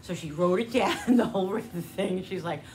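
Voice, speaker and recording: A woman's voice: lowish voice, moderate pace, a little mellow. A woman in her fifties hosting a home cooking video, telling stories in a chatty way and acting out the voices in them. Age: 50s. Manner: chatty storyteller, acts out the voices in her anecdotes. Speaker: cooking channel host. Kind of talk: casual kitchen chat. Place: home kitchen. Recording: echoey kitchen, faint noise.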